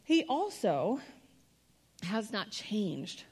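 A woman's voice: medium pitch, sing-song, very slow, a little mellow, slightly rough. A woman giving a sermon in a church, chatty and earnest, asking the audience questions and laughing as she speaks. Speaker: guest speaker. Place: church auditorium.

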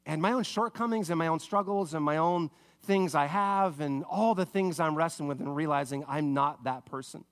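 A man preaching a sermon to parents, telling a story with lively acted-out voices and dropping to a soft, low tone for emphasis. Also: normal speed. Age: adult parent. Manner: animated storytelling, acting out characters with big pitch swings. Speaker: pastor.

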